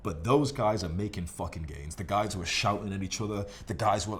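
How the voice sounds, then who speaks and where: A man casually telling gym stories to camera in a profane, rambling, animated way. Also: fairly low pitch, fairly quick, hardly any pauses, a little hiss or hum. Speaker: fitness vlogger.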